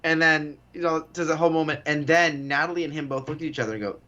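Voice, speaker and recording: A man with a fairly high voice co-hosts a comedy podcast in loose, casual chat. He is animated and quick to laugh, and he acts out quotes as he talks. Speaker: podcast co-host; actor.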